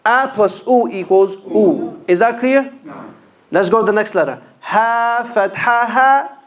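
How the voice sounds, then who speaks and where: A man teaching Quran reading in a mosque class, slowly drilling letter sounds and correcting pronunciation. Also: sits high, lively intonation, crowd noise. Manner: slow, clearly enunciated call-and-repeat drilling with correction. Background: class of students repeating.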